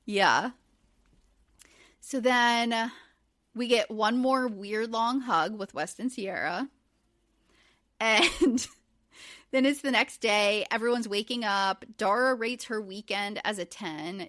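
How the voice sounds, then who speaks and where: Bright chatty woman recapping. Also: a little high, takes it slowly, dry recording, clean studio sound. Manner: chatty, animated, many fillers. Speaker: podcast host. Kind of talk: casual recap chat.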